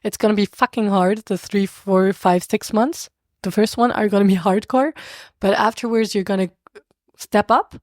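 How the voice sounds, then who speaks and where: A woman's voice: mid-range voice, fairly even intonation, normal speed, no echo, clean studio sound. A young woman with a French accent, a podcast guest chatting casually and animatedly, often laughing and restarting her sentences. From France. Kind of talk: casual conversational interview.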